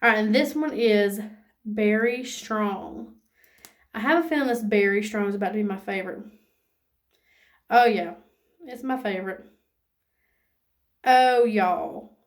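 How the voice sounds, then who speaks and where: A woman, gushing excitedly and saying "y'all" as she walks through a casual makeup tutorial. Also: on the high side. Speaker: beauty vlogger.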